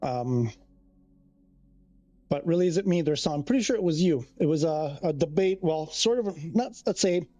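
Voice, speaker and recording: A man's voice: on the high side, expressive, normal speed, dark tone, no room sound. A man hosting a casual live stream, rambling, restarting his sentences and reading chat messages aloud. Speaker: livestreamer.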